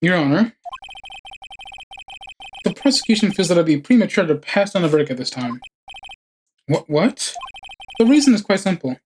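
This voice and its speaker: A man's voice: high voice, big pitch swings, a little mellow, a little hiss or hum. A man playing a cold, cutting prosecutor. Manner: cool, cutting, deliberate. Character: cold, arrogant male prosecutor. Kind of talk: game dialogue read aloud.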